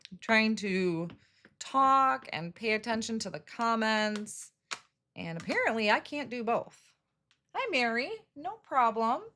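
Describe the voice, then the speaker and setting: A woman's voice: fairly high pitch, animated, a little slow, bright, forceful tone, a little hiss or hum. A chatty middle-aged woman hosting a live card-making demo, greeting viewers by name and laughing at her own slips. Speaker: craft livestream host. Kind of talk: casual live crafting demo.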